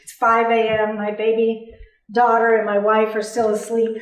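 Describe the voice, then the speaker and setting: A woman's voice: fairly high pitch, monotone, moderate pace. A woman performing a candid, profane comic monologue on a theatre stage. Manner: profane, candid, bursts into laughing outbursts. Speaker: solo performer. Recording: roomy stage sound from far off.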